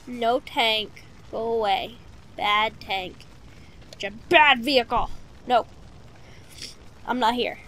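High-voiced, excitable woman gamer. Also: takes it slowly, pauses often, slight background noise. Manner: excitable, talks back to the game, repeats pleas and commands. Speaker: let's play host. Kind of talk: casual gameplay commentary.

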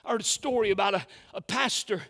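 High, bright-voiced preaching man in a reverberant hall. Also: fast talker. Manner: repeats "can I tell you", restarts words, rising emphatic preaching. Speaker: pastor. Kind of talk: sermon. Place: church sanctuary.

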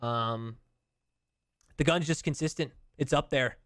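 A man's voice: mid-range voice, measured pace, a bit bright, dry recording, clean studio sound. A young man giving casual, slangy gaming commentary, hyped and repeating himself. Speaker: gaming YouTuber.

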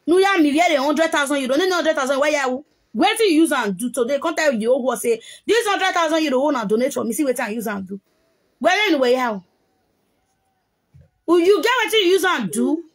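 Nigerian woman, high voice, heated live-video rant. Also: lively intonation, fairly quick. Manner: heated, scolding, mixing pidgin and local language.

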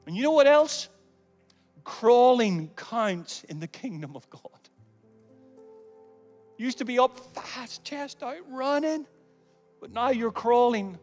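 Guest preacher, male, high voice, dynamic with hushed moments and jokes, reverberant auditorium with music bed. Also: animated, slow, long pauses. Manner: dynamic, swings from loud calls to hushed near-whispers; humorous asides. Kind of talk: sermon with altar call. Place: large church auditorium.

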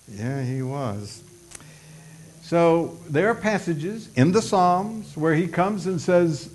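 A male pastor preaching a sermon, acting out prayers in a raised voice, with folksy asides. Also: on the high side.

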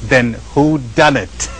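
A man giving a spiritual lecture to a live audience, animated and questioning, often asking the listeners questions and acting out the voices of the people he describes. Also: on the high side, very noisy. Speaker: spiritual teacher.

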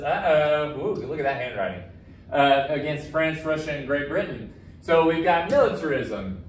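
Casual, jokey male history teacher. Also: fairly high pitch. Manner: casual and jokey, self-described as sarcastic. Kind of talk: recorded lesson walking through practice questions. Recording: roomy echo, distant from the mic, faint background noise.

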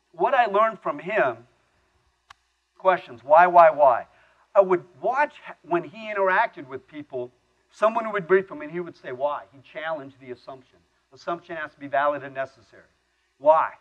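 A man's voice: a little high, normal speed, narrow, tinny audio. Folksy man telling army stories. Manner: folksy, plain-spoken, laughs at his own stories. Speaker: conference speaker. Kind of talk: storytelling keynote talk. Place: conference stage.

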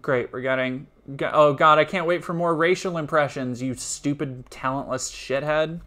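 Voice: medium pitch, fairly even intonation, normal speed, fairly bright tone. A streamer reacting live to a comedy clip, profane, scornful and sarcastic.

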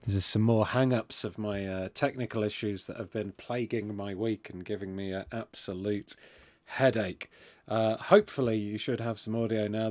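A man's voice: on the low side, a little mellow. Rambling chatty man streaming a game. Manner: rambling, apologetic, lots of ums and uhs. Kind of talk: casual live-stream chat.

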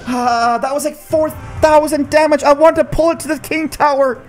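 Very high-voiced excitable male gamer. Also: unhurried, soft background music. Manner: excitable, shouting reactions and teasing banter. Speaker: gaming video host. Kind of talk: live gameplay commentary.

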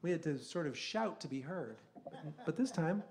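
A man's voice: a little high, expressive, normal speed, a little mellow. A man singing in a vocal quartet, chatting casually to a small live audience between songs with plenty of ums and likes. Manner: casual, chatty, with many fillers. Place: small live music venue.

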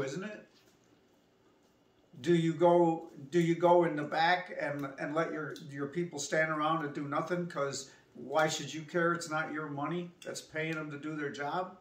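A woman's voice: deep voice, far from the mic. Woman telling a story in an echoey room. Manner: animated anecdote-telling, acting out both sides of the dialogue. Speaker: vlogger. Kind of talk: casual travel storytelling.

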